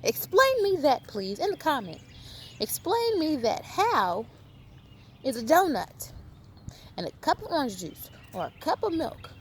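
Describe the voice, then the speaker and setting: A woman with a somewhat high voice scolds her audience in a lively vlog, her pitch swinging up and down. She stacks up rhetorical questions with emphatic repeats, and there is a faint hiss of noise behind her. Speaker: video host. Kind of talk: animated lecturing vlog.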